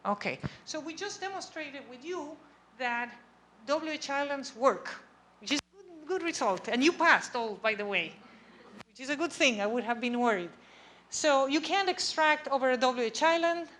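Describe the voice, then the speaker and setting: At normal speed and quite animated, a woman with a high-pitched, fairly bright voice delivers an academic lecture in a conversational way. She checks understanding with frequent "okay?" and "right?", and there's slight background noise in the lecture room.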